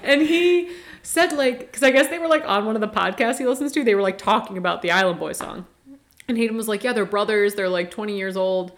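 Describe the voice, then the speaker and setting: A young woman co-hosting a casual podcast, telling an animated story and laughing often. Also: mid-range voice, fairly quick. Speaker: podcast co-host.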